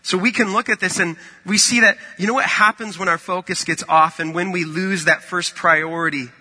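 A man's voice: high-pitched, steady tone, normal speed, sharp tone, in a large hall. A man preaching a sermon in a conversational, storytelling way. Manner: conversational, storytelling with acted-out quotes.

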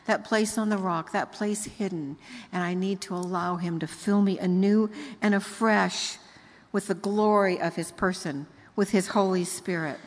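An older woman preaching to a gathering, telling warm family stories and climbing into bright, emphatic peaks. Her voice rings out with a long reverb from a large hall. Her pitch sits in a typical middle range. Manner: storytelling, rising to emphatic high notes. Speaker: speaker. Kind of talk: sermon.

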